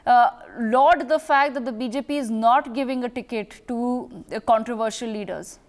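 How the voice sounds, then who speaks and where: A woman, anchoring a TV news debate and putting measured, probing questions to her guests. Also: on the high side.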